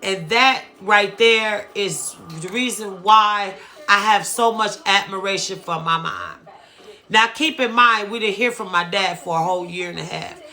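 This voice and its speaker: A middle-aged woman from Ohio telling an emotional personal story, slow and earnest, often repeating phrases. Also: mid-range voice, pushed and bright, soft background music. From Dayton, Ohio, US.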